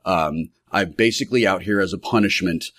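A man voicing a cowardly, grumbling male goblin captive in a tabletop game, talking in a halting, rambling way. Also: low voice, a bit bright, no echo, studio quality.

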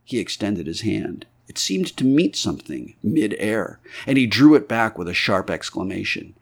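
A man's voice: low voice, normal speed, few pauses, breathy edge. A man reading a classic novel aloud as an audiobook narrator, telling it in a vivid way. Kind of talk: scripted narration.

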